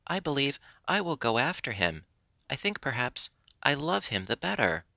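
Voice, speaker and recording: A man's voice: medium pitch, very animated, moderate pace, creaky, sharp tone, no echo, studio quality, pitched above the performer's own voice, heavily acted. Man voicing a fickle lady rattlesnake. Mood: tearful. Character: fickle vain female rattlesnake, tearful. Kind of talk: storybook reading.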